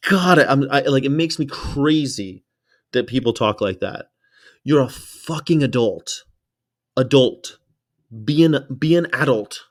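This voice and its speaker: A man's voice: mid-range voice, animated, unhurried. Profane, rambling man reacting to a video. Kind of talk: casual reaction commentary.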